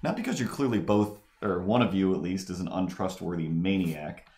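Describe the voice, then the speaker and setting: A man livestreaming while he draws, telling a rambling story in a casual, animated way. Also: low voice, fairly quick, reverberant. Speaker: streamer drawing live.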